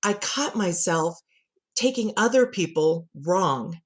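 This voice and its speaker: A middle-aged woman, a communication coach, chatting as a podcast guest and telling animated stories with frequent laughter. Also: fairly low pitch, slow pace. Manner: lively storyteller who laughs often and acts out quotes. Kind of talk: conversational podcast interview.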